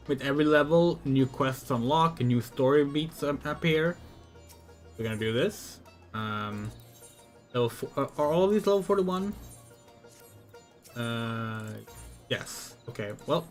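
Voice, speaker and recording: A man streaming a game, chatting casually with a sore throat and tired, low asides. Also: a little slow, long pauses, faint music behind. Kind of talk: casual gaming livestream chat.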